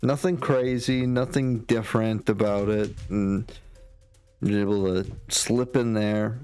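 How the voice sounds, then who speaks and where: Slow, rambling man running a game. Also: fairly low pitch, steady tone, darkish tone, clear, resonant tone, soft background music. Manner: rambling, many fillers and restarts. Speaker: dungeon master. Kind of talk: narrating a tabletop game.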